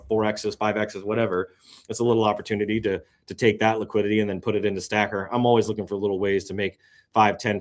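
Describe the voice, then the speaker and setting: On his laid-back crypto show, a man walks through on-screen market charts. His excitable delivery flips between quiet muttering and abrupt loud outbursts, punctuated by yawns and long sighs.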